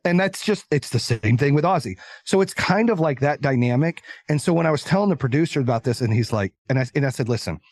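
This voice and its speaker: A man telling stories as an interview guest, talking in an energetic, emphatic, animated way. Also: on the high side, quick pace, few pauses, no room sound. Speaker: podcast guest, entrepreneur. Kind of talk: casual interview storytelling.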